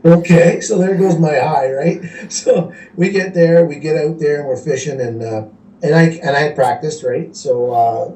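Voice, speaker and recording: A man from Canada, a guest telling fishing stories in a casual, animated way and laughing as he goes. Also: a little high, normal speed. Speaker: guest angler. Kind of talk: casual storytelling. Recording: echoey room, voice from a distance, faint hiss.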